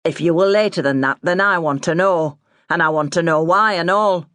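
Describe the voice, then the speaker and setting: Woman putting on a gruff old farmer dad, growly and scornful, odd changed tone. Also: on the high side, moderate pace, pushed and bright, no echo, clean studio sound. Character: gruff stern older farmer father.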